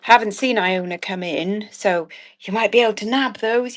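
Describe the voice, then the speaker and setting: Woman, mid-pitched, chatty live-stream seller, cheeky and giggly, rambles on. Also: normal speed. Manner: bubbly, rambling, laughs often, cheeky asides. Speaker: live online jewellery auction seller.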